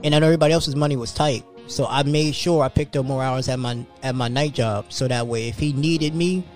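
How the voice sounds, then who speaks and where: A male podcast host telling a story in casual chat, animated and laughing, acting out the quotes. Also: mid-range voice, a little fast, faint music behind.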